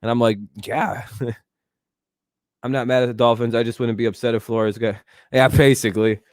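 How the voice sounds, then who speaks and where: A man's voice: medium pitch, little pitch movement, moderate pace, a little mellow, no room sound, clean studio sound. A man hosting a casual live sports talk stream. He talks back to his chat and swears freely. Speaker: streamer host.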